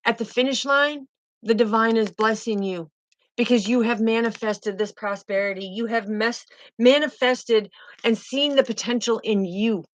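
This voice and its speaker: A woman's voice: on the high side, normal speed, dry recording, highs cut off. Fervent woman giving a tarot reading. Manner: fervent, repetitive, emotive. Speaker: tarot reader.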